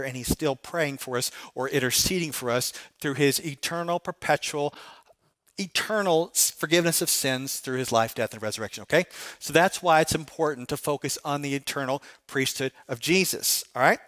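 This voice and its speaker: A man's voice: mid-range voice, fairly bright tone. A middle-aged man, a pastor, preaching a sermon in a conversational way and often asking the congregation rhetorical questions. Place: church sanctuary.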